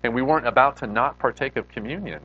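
A male pastor voicing a female missionary, quoting her plainly and earnestly in his own low voice. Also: fast, highs cut off, lightly acted.

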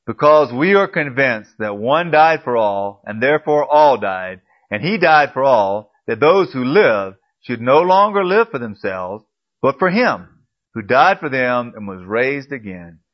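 Man preaching a dynamic sermon. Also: medium pitch. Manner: preaching with emphatic repeated questions, swinging from soft to loud. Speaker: pastor. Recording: dull lo-fi recording.

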